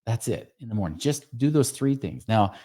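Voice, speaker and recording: A man's voice: medium pitch, lively intonation, normal speed, warm tone. A man in his forties hosting a podcast, giving casual, earnest advice straight to the listener, with lots of fillers and self-corrections. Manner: speaks directly to the listener with rhetorical questions. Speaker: podcast host.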